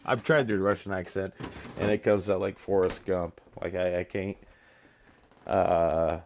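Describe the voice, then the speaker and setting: A man hosting a casual podcast chat, excitable and teasing, swearing freely. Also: low voice, normal speed, slight background noise. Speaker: podcast host. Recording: dull lo-fi voice chat.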